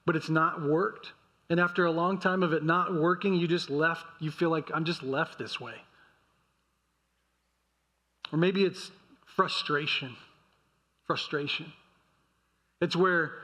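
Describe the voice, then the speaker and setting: A man's voice: high-pitched, a bit bright. A man preaching a sermon as a pastor, telling the story in a conversational way and briefly acting out what the people in it say. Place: church sanctuary.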